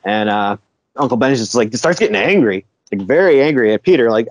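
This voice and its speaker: A man's voice: mid-range voice, expressive, fairly quick, no echo, dull audio. A man co-hosting a podcast, retelling a comic book story in loose, casual chat, chuckling often and swearing now and then. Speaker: podcast co-host.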